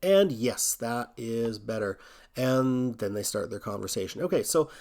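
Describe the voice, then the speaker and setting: A man hosting a coding tutorial, thinking aloud in a relaxed way as he walks through a screen recording. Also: mid-range voice, measured pace.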